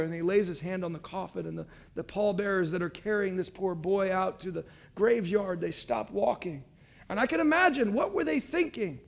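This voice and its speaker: A man preaching a sermon, reading scripture and then retelling the scene for listeners with expressive storytelling and frequent asides. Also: high voice, vocal fry. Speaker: pastor.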